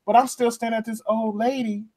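New York man telling an animated story. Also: very high voice, a little fast. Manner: acts out other people's voices. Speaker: podcast co-host.

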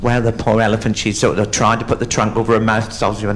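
A man's voice: lowish voice, little pitch movement, fast talker, few pauses, a little hiss or hum. A man, a drag comedian telling a bawdy joke on a live stage in a rambling, stumbling way. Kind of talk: bawdy live stand-up storytelling.

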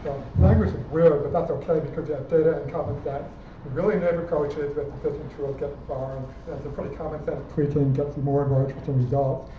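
A man's voice: fairly high pitch, steady tone, quick pace, few pauses, background noise. A man giving a conference talk, explaining a technical example step by step. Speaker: conference speaker. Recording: distant, phone-like sound in an echoey hall.

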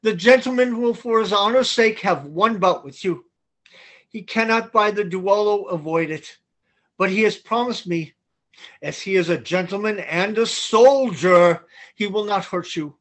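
Blustering scheming knight, read by a man, fairly high voice, video call reading. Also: a little slow, fairly bright tone. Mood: bold. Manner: blustering, persuasive delivery. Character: boisterous, scheming male knight. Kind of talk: Zoom play reading.

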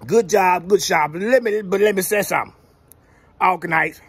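A man's voice: high voice, moderate pace, breathy edge, no echo. A man giving a casual football recap, drawling and playfully trash-talking. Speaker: sports commentator vlogger.

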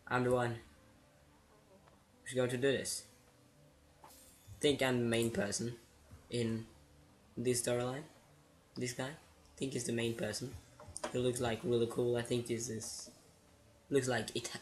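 Casual gamer guy narrating his play, excitable and giggly, slow unhurried delivery. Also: medium pitch. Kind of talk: casual gameplay commentary.

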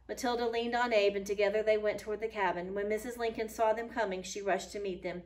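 Teacher lady reading a kids book out loud, patient, mic kinda far away. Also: mid-range voice, fairly even intonation, fast, few pauses. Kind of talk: reading a children's book aloud with comments.

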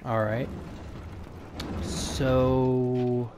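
A man giving a relaxed let's play commentary, thinking aloud in a flat, low-key way and often repeating small words. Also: drawn-out words, long pauses, noisy background. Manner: low-key, flat delivery despite interest. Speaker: gaming channel host.

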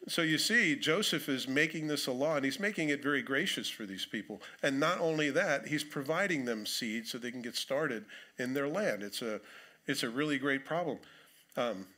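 A man's voice: mid-range voice, expressive, moderate pace, sharp tone. A man preaching a sermon in a church, reading scripture aloud and breaking off into conversational, dryly humorous asides. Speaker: pastor. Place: church sanctuary.

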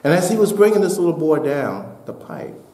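A man preaching a sermon as pastor, building to shouted peaks and dropping to a hushed voice for a story. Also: a little high, big pitch swings, brisk, echoey room. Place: church sanctuary.

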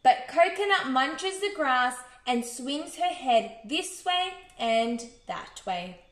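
A woman's voice: high voice, slow. Sing-song Australian woman reading aloud. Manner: expressive, sing-song, with sound effects. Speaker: children's storyteller. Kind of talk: bedtime story reading. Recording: echoey room.

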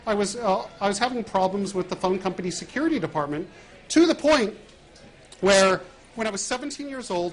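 Strolling with a wireless mic, a middle-aged author entertains an audience with prank stories, his high voice animated and punctuated by his own laughter. It's a storytelling talk.

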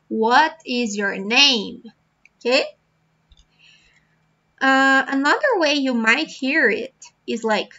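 Bright, slow-speaking woman teacher. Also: sits high. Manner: slow, patient, repeats words for practice. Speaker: language teacher. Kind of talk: beginner language lesson. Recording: slightly dull lo-fi sound.

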